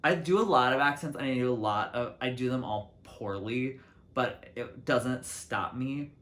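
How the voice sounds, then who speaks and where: A young man hosting his own solo talk show, rambling casually to the camera from his city apartment with lots of fillers and restarts. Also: normal speed. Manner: chatty, lots of "like" and restarts, lively swings in pitch and loudness. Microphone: camera mic.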